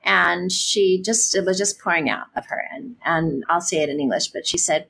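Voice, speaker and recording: A woman's voice: on the low side, normal speed, creaky, few pauses, sharp tone, husky. A woman pastor answering interview questions, speaking earnestly and with passion, often adding "you know" and "right?".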